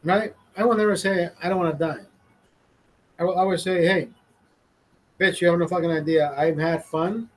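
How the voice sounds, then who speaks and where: A man's voice: sits high, steady tone, normal speed. A man talking to his stream in a rambling, emotional monologue, swearing often and talking to himself. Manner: rambling, heavy swearing, self-talk.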